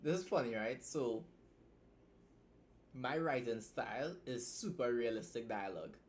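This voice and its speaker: A young man with a Trinidadian accent chats on his own livestream, blunt and joking, with casual swearing and quick asides. His voice sits at an ordinary middle pitch, with a faint hum of room sound behind him. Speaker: livestream host and writer. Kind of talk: casual livestream chat, reacting and reading a story aloud.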